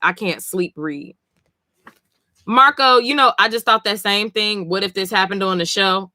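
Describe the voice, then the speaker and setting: A woman's voice: medium pitch, unhurried, sharp tone, no echo. A sleepy woman streamer reacting live as she reads a comic, blunt, profane and exasperated. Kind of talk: casual live reading reaction.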